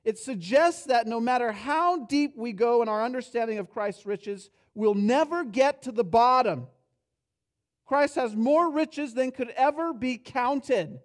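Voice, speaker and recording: High-voiced man preaching a sermon. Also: lively intonation, a little slow. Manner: storytelling, acts out characters' lines with rising energy; drops to a soft, low delivery for reflective points. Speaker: pastor. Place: church sanctuary.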